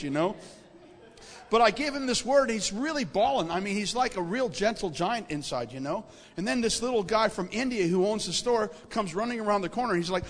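Man preacher, high voice, animated folksy storytelling; echoey hall. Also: fairly quick. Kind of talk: storytelling sermon.

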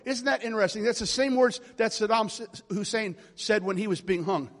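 High-voiced preacher in a reverberant hall. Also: male voice, a little fast. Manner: impassioned storytelling, acting out dialogue with God. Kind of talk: sermon.

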